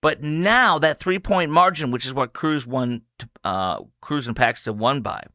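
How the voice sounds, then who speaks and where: This combative male talk radio host speaks in a mid-pitched, bright, forceful voice with lively intonation, a little slow overall but speeding up in emphatic bursts as he hammers his points home. He shifts between reading ads and delivering opinionated monologue. The audio is dry and close, with no room sound or echo.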